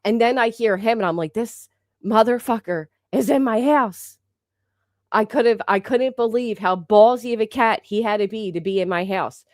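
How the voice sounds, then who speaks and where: Talking briskly with hardly any pauses, this livestream host has a medium-pitched, slightly mellow voice and a slightly sore throat. She rambles, swears plenty, keeps restarting her sentences, and thanks people in the chat, all in a dry, close recording without room sound.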